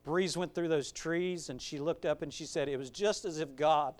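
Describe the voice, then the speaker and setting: A pastor preaching a sermon, reading scripture and swelling into loud, emphatic preaching with conversational asides. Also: male voice, on the high side, moderate pace. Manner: conversational asides with fillers and restarts.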